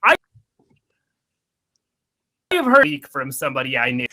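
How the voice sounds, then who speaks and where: A man co-hosting a podcast, recounting a story in a rambling, halting way. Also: medium pitch, huge pitch swings, bright, forceful tone. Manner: rambling, halting, many restarts. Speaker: podcast co-host. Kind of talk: casual podcast chat.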